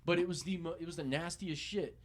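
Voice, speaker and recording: A young man telling a story as a podcast guest, swearing constantly and animated, often laughing at his own anecdote. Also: a little high, fast, no room sound. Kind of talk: casual storytelling in a podcast interview.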